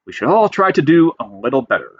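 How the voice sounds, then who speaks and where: A man's voice: medium pitch, sing-song, fast talker, a bit bright, husky, no echo, muffled recording. A man teaching creative writing, reading style rules aloud and explaining each one emphatically. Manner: emphatic, reads a rule then explains it plainly. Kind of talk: lecture reading rules with commentary.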